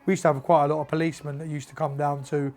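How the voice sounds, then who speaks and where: Animated man telling stories. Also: fairly high pitch, very fast. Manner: animated anecdotes, acts out quoted dialogue, swears freely. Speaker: podcast guest, former professional boxer. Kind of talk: casual storytelling chat.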